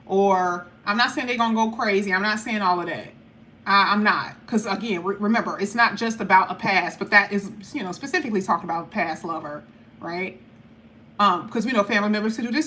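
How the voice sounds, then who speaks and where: A woman reading tarot cards straight to her viewers, her voice bright and fairly high. She talks in a chatty, blunt, animated way and keeps breaking into quick asides. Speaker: tarot reader. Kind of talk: casual tarot reading to camera.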